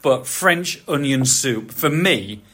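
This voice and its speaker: A man, hosting a podcast in a chatty, animated storytelling way. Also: medium pitch, takes it slowly. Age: 40s. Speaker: podcast host. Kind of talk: casual chat.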